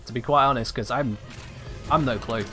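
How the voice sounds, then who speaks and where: A man with a medium-pitched voice and normal speed chats casually on a gaming live stream. He muses aloud and keeps checking with viewers about how to pronounce a name, and the game music behind him is loud.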